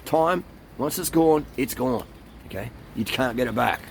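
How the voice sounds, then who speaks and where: A man's voice: mid-range voice, animated, unhurried, gravelly, a little hiss or hum. Blunt, profane man ranting. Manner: jumps into mocking impressions of others. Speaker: cycling coach and vlogger. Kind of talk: casual monologue to camera.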